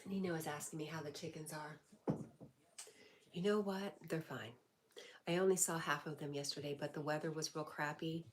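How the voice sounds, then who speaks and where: A woman's voice: low voice, fairly even intonation, normal speed, pauses often, a little hiss or hum. A woman hosting a casual livestream, reading viewer comments aloud and answering them in a chatty way. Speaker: livestream host. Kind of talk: casual live chat.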